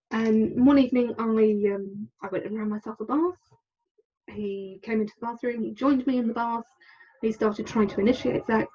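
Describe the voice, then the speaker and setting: Woman, husky voice, a bit higher pitched, talking openly about her past, muffled call sound. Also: a little mellow. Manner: candid, hesitant, acts out quoted lines. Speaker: podcast guest. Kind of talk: personal story in an interview.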